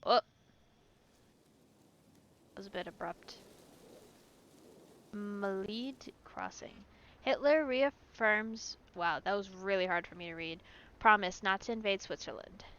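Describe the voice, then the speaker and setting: A woman's voice: mid-range voice, takes it slowly, long pauses, a bit bright. A woman streaming a story game, reading it aloud and chatting about her choices as she goes. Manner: chatty, reacts aloud to the game, stumbles over hard words.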